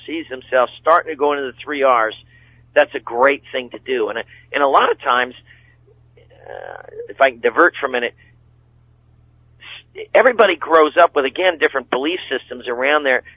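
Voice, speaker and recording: A man's voice: mid-range voice, expressive, a little fast. Folksy middle-aged man, dull radio sound. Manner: folksy, rambling, with fillers and acted-out quotes. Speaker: seminar speaker and relationship coach. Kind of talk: guest talk on a radio show.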